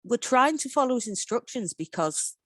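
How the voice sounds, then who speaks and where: A woman's voice: on the high side, animated, no echo. Giggly woman on a podcast. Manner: giggly, self-deprecating, quick to laugh. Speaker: podcast guest. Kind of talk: casual podcast chat.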